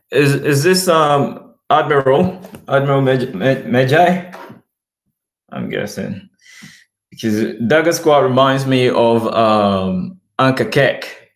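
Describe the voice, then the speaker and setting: A man's voice: mid-range voice, echoey room. A man with a mixed Australian and British accent, rambling in a casual livestream chat as he talks to viewers.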